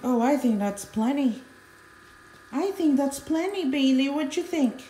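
Woman dog owner, very high and slow, coaxing pet baby talk, echoey room. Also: expressive, mellow, a little hiss or hum. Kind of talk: casual home video.

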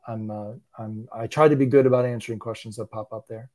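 A middle-aged animation creator chats casually as an interview guest, wry and self-deprecating, often restarting his sentences. His voice is fairly low, a little mellow and fast, with fairly even intonation.

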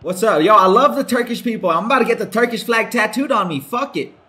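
A young man giving casual, excitable gameplay commentary while playing a football video game, swearing, joking and shouting at the screen. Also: high voice, fast talker. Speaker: gaming streamer.

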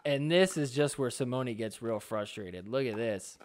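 A sports podcast host with a mid-range voice talks casually at a moderate pace over match footage, chatty and animated as he acts out the players' reactions in this video commentary.

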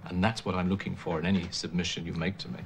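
A firm, lower-voiced official. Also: male voice, little pitch movement, a little hiss or hum. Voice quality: measured, polite but firm. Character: smooth male European official, businesslike. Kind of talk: TV comedy acting.

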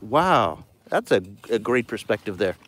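A man with a New York accent hosting a live outdoor metal detecting vlog, talking excitably and rambling from thought to thought. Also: on the low side, a little slow, no room sound. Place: outdoors on a beach.

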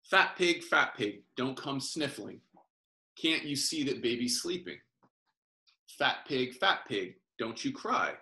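A man reading a children's picture book aloud in a gentle sing-song, pausing to explain words over a video call. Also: mid-range voice, very animated. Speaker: professor reading picture books to families. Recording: roomy echo.

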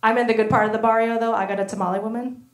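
A woman performs a stand-up set, lively and quick to slip into the voices of people in her stories. Her voice sits high. The sound carries the echo of a live room. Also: soft background music. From United States. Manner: animated, acts out voices in quoted bits. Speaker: stand-up comedian. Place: comedy venue stage.

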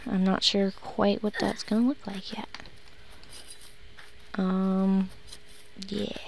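Gravelly and flat, her medium-pitched voice moves slowly against a noisy background with music. She's a let's play host casually and sarcastically grumbling at her characters in a life-simulation game.

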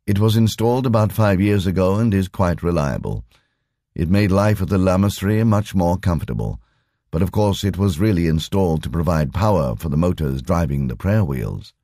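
A man reading the lines of a calm older lama in an audiobook, measured and matter-of-fact. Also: deep voice, no echo, clean studio sound.

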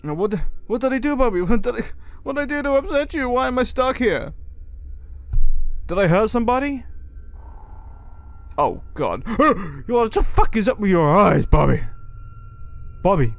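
A man's voice: very high-pitched, sing-song, normal speed, gravelly, long pauses. A man hosting a horror let's-play, reading the game's lines aloud and reacting with jumpy exclamations and swearing. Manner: reads in-game lines aloud to himself. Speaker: gaming video host.

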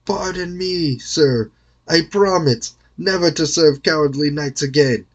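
A man's voice: fairly high pitch, measured pace, voice pushed up. A man doing a stubborn little dwarf servant. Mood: pleading. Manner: stubborn, then pleading. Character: defiant male dwarf servant.

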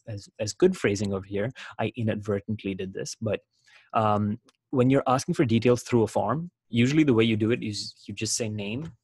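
A man's voice: on the low side, darkish tone, breathy edge, dry recording. A man presenting a webinar, walking through a screen share in a casual, explanatory way with frequent fillers and restarts.

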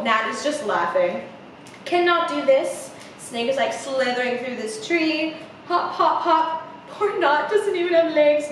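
Playful woman reading a picture book. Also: sits high. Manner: chatty, playful asides with laughter. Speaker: storyteller, theatre coach. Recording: echoey room from far off with faint hiss.

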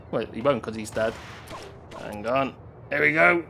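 A man commentating his gameplay, excitable and swearing, yelping and laughing at the action. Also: medium pitch, a little fast, vocal fry, noisy background. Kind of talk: let's-play commentary. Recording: game gunfire loud in the mix.

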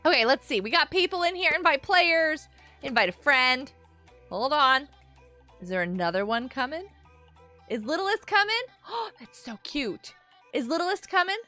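A woman hosting a casual gaming live stream, chatting with viewers in a bubbly, animated way with gasps and laughs. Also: high-pitched, normal speed, faint music behind. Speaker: livestream host.

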